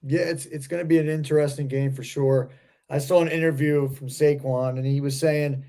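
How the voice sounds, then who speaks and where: A man's voice: medium pitch, steady tone, moderate pace, warm tone. An easygoing man co-hosting a sports podcast in casual chat. His voice sits mid-range and rambles along with loose fillers. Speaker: podcast co-host.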